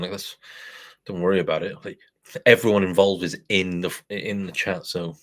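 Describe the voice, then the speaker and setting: A man's voice: deep voice, a bit bright. A man hosting a live beer review stream, rambling and self-deprecating with plenty of swearing. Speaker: beer review channel host. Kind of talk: casual live-stream chat.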